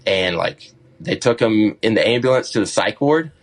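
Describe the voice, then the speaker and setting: Animated storytelling man, low voice. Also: moderate pace. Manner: animated storyteller, acts out his own quotes. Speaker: podcast guest, songwriter. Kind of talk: casual storytelling.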